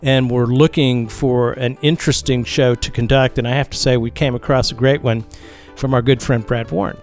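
A man co-hosting a podcast, talking in a relaxed, casual way with restarts and fillers. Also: mid-range voice, normal speed, faint music behind. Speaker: podcast co-host.

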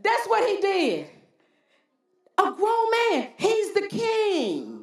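Animated woman preacher in an echoey church. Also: extremely high pitch, drawn-out words, creaky. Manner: animated, call-and-response, folksy. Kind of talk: sermon. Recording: roomy church hall echo.

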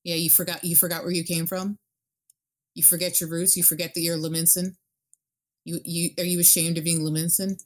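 A woman's voice: fairly low pitch, little pitch movement, fairly quick, lightly acted. A woman playing a proud, stern woman pirate admiral who scolds a younger man. She sounds challenging and firm. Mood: scolding.

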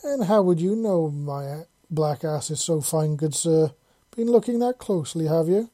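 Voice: medium pitch, moderate pace, mellow, dry recording, close to an everyday voice. A narrator voicing a bold, flirtatious female robot soldier who teases playfully, read from a storybook. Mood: teasing. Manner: teasing, playful.

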